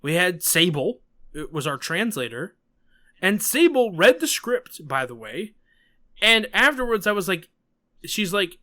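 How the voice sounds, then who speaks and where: A New York man hosting a podcast, his high, bright voice swinging up and down as he talks. He is emphatic and animated, and he throws in sarcastic asides in casual chat. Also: a little slow. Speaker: podcast host.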